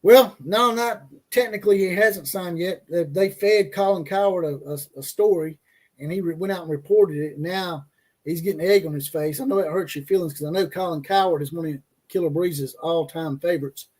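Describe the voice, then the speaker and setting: A brash man with a fairly high voice hosts a college football livestream. He talks loosely and profanely, mocks players and reporters, and chuckles at his own jokes while reading chat. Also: normal speed.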